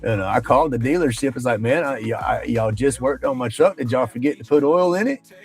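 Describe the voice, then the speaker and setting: A man's voice: medium pitch, expressive, brisk. Brief: livestream host, man, casual and profane storyteller, faint background music. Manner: rambling, colloquial, profane, with Southern phrasing.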